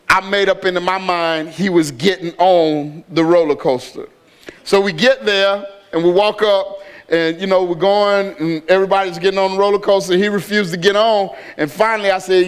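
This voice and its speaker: A man pastor preaching a sermon, telling a family story and building to shouted exhortation. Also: high-pitched, steady tone, moderate pace, clean tone.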